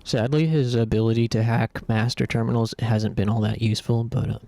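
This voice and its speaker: Laid-back man with a gravelly voice. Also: medium pitch, steady tone, fairly quick, warm tone. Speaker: streamer. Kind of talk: casual gameplay commentary.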